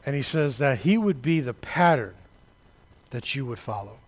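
A man preaching a sermon, talking straight to the congregation, building to shouted peaks and then dropping low and quiet. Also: animated, moderate pace. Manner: conversational, addresses the congregation directly.

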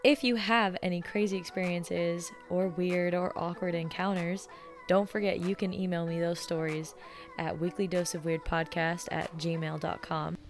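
A woman in her twenties hosting a podcast, telling stories in a casual, animated way and acting out the quotes. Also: lowish voice, moderate pace. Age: 20s. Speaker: podcast host. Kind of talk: casual storytelling.

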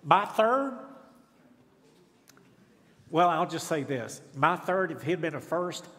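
A man's voice: on the high side, big pitch swings, slow, background noise. A middle-aged man, preaching as a guest speaker with folksy, self-deprecating stories and humor. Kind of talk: sermon. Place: church sanctuary. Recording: long church reverb. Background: congregation responding.

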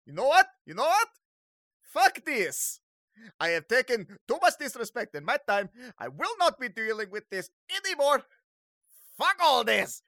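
A game master voicing an arrogant, famous male vampire lord during a tabletop game, shouting indignantly. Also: mid-range voice, wildly swooping pitch, normal speed, long pauses, dry recording, clean studio sound, heavily acted. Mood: furious.

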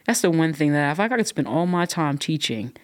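A woman's voice: low-pitched, lively intonation, a little fast. A woman guest on a podcast, talking with passion and emphasis as she shares her faith story. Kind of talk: casual podcast conversation.

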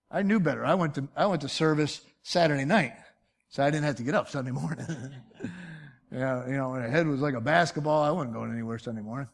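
A man's voice: on the high side, expressive, a little fast, gravelly. A man in his fifties preaching a sermon as pastor, emphatic and folksy, full of rhetorical questions. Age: 50s.

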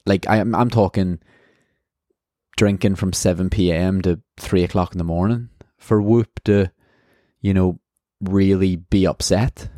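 Brief: Australian male podcaster, low mellow voice, dry close sound, candid and rambling. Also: steady tone, a little slow, dry recording. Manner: candid, rambling, swears freely. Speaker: podcast host. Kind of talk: casual race debrief.

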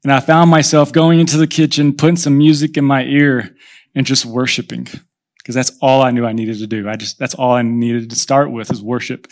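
A man's voice: medium pitch, flat delivery, fairly quick. A man in his thirties preaching a sermon as pastor, telling stories conversationally and acting out the voices of people in them. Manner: conversational storytelling, acts out quoted voices.

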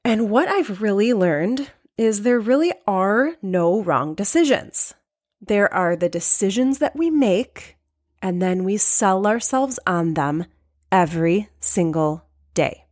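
A woman hosting her own podcast, talking earnestly in a conversational way, often repeating key lines for emphasis and adding "right?" asides. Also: medium pitch. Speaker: podcast host. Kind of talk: solo podcast talk on decisions.

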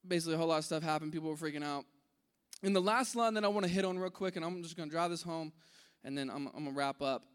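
A man preaching a casual sermon to a room, animated, acting out voices in his story and dropping to a hush at key points. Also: a little high, clean tone, in a large hall. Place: large room with an audience.

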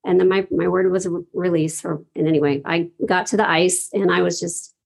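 A woman's voice: fairly low pitch, fairly even intonation, fairly quick, gravelly. A woman sharing a heartfelt personal story in casual talk, laughing often and acting out her own reactions.

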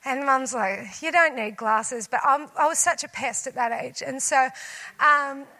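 A woman preaching a sermon, telling a personal story and acting out her own lines with lively voices. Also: sits high, a little slow.

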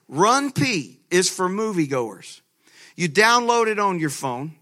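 A man pastor preaching a sermon, telling a lively story with laughter and frequent restarts. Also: sits high, moderate pace.

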